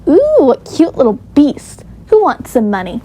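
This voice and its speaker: A woman's voice: on the high side, lively intonation, moderate pace, warm tone. A woman voicing a flashy, careless rich uncle with a put-on Southern drawl, boastful and smug.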